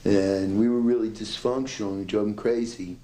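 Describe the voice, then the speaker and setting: A man in a documentary interview, speaking in a reflective, measured way. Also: lowish voice, fairly even intonation, mellow, slight background noise, poor audio.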